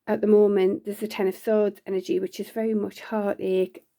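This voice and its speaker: A woman's voice: medium pitch, flat delivery, normal speed, gravelly, dark tone. A woman giving a casual, rambling tarot reading, full of fillers and restarts. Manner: laughs often between lines. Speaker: tarot reader.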